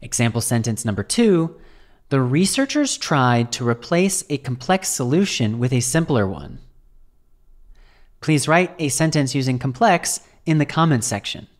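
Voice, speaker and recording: A woman reading a scripted vocabulary lesson in an even, measured, dictionary-style delivery. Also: a bass voice. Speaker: vocabulary teacher.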